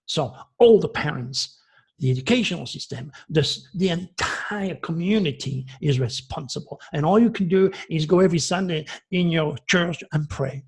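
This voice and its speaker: A man in his sixties from France, giving an agitated, preachy monologue that swings from loud outbursts to hushed asides. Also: a little high, normal speed, breathy edge. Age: 60s. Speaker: astrologer host. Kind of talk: impassioned monologue.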